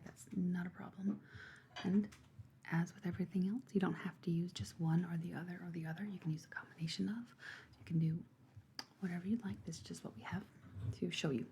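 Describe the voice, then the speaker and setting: A woman voicing an attentive female party planner in a whispered role-play, softly reassuring as she shows decorations. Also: lowish voice, vocal fry. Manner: soft, reassuring sales talk.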